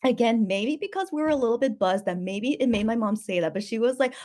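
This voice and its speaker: A young woman vlogger in casual late-night chat, excitable and rambling, often repeating her words as she tells a story. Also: on the high side, fast talker, hardly any pauses.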